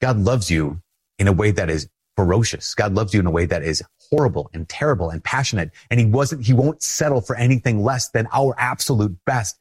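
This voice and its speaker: A man with a Minnesotan accent giving an earnest, conversational sermon as a Catholic priest, often repeating phrases and laughing softly. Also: lowish voice, brisk, breathy edge.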